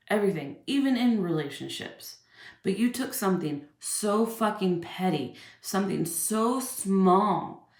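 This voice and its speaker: A woman's voice: mid-range voice, echoey room. A young woman ranting heatedly to the camera, swearing constantly and firing off rhetorical questions. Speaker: channel host ranting. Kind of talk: angry profane rant to camera.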